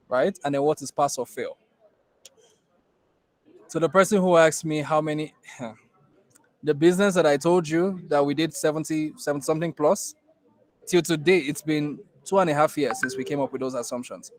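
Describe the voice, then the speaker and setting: A man with a Nigerian accent gives a classroom lecture in a somewhat high voice. He talks emphatically and repeats key lines for weight. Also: rough recording. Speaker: innovation program instructor.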